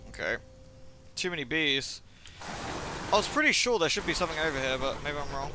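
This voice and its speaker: A man's voice: a little high, animated, a little fast, background noise. A man live-streaming a game, muttering casual commentary, swearing at setbacks and reading the game's text aloud. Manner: muttering, swears when things go wrong.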